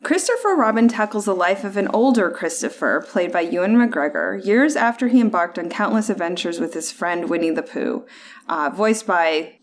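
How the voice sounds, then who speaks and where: A woman's voice: mid-range voice, animated, moderate pace. A young adult woman hosting a casual podcast chat, playfully contrarian and full of "like" fillers. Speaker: podcast host.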